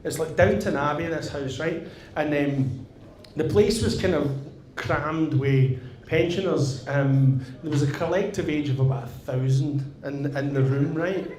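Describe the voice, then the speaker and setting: A man's voice: fairly high pitch, measured pace, slight background noise. A middle-aged man with a Northern Irish accent doing stand-up, telling a long story and tagging his lines with "right?". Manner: animated, swearing, tags lines with "right?". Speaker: stand-up comedian. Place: theatre stage. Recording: echoey live venue with audience.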